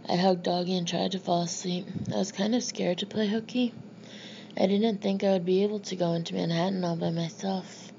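A woman narrating a first-person audiobook in a low, gravelly voice. She keeps a flat, steady line with little rise and fall. The recording is slightly muffled with a faint hiss. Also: a little fast. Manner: plain, steady storytelling.

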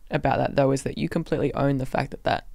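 A woman co-hosting a casual podcast chat, calm and thoughtful in her explanations. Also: a bass voice, quick pace, creaky, no room sound, clean studio sound. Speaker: co-host and partner.

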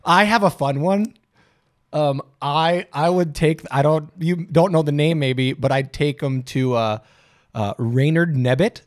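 Excitable guy on a podcast, bit high pitched, laughing through his riffs. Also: unhurried. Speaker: podcast co-host. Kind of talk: casual chat.

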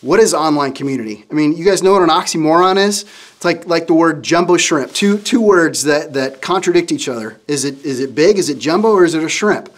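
A middle-aged man giving a kids' sermon as a children's pastor, telling stories in an animated way and often speaking to the kids as "you guys.". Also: a little high.

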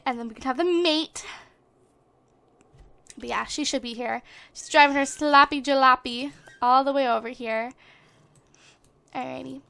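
A young woman hosts a casual let's play, chatty and quick to gasp with excitement. Her voice sits high and sounds bright and forceful, recorded dry and close on a desktop microphone. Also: smooth, no echo. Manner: chatty and excitable, gasping at surprises. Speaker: gaming channel host. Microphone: desktop USB microphone.

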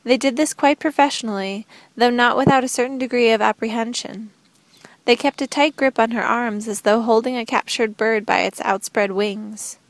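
A woman narrating a novel as an audiobook reader, with a steady, measured reading. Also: on the high side, no echo.

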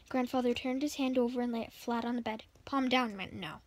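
A woman's voice: on the high side, steady tone, a little fast, slight background noise. A woman reading a children's chapter book aloud for her channel, often stumbling and rereading words. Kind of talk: storybook reading.

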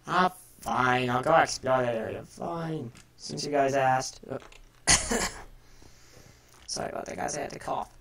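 Woman gaming host, low-pitched, chatty commentary with sudden excited outbursts. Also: unhurried, long pauses, low-quality recording. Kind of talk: casual game commentary.

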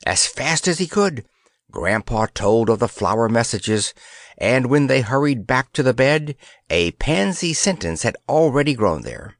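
Expressive, unhurried male storyteller. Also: mid-range voice, no echo, clean studio sound. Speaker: narrator. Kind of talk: audiobook narration.

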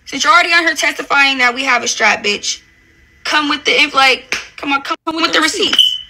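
A woman's voice: sits high, brisk, sharp tone, rough recording. A young woman, ranting angrily and profanely at a rival in a confrontational, taunting social media video. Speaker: reality show cast member. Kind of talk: angry social media rant.

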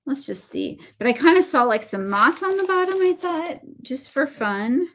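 A woman's voice: sits high, animated, moderate pace, fairly bright tone. Rambling chatty woman crafting live. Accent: Southern American. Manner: rambling, self-deprecating, full of fillers and asides. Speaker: craft livestream host. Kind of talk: casual chatty craft livestream.

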